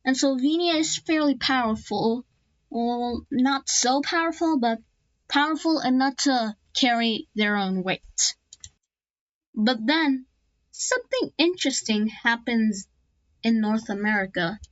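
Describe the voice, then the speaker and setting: A woman's voice: on the high side, lively intonation, a little slow, no room sound, highs cut off. A woman casually narrating an alternate-history map video, rambling with lots of fillers and restarts and throwing in jokey asides.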